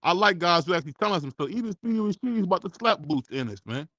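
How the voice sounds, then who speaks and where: A man hosting a casual sports talk show, relaxed and conversational, often tagging his sentences with "man.". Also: sits high, racing, no echo.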